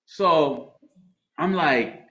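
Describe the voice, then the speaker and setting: Very slow yet animated, this man's slightly high voice comes across bright and forceful. He's sharing his story in a recovery meeting, swearing and laughing. The meeting room sounds echoey, with faint background noise.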